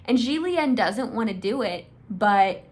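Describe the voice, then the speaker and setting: A young woman gushing in a casual fan rant. She is excitable and swears freely. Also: fairly high pitch, a little slow. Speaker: video creator.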